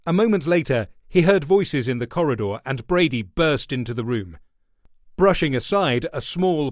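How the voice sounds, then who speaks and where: Dry, steady male audiobook narrator. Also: medium pitch, dry recording. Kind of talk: scripted narration.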